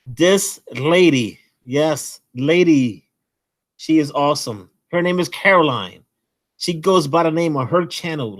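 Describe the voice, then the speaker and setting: A man hosting a comic collecting channel, enthusiastically and nervously rambling through shout-outs to small creators. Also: a little high. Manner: admits to nerves, pauses to breathe. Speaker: host. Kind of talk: casual channel shout-out monologue.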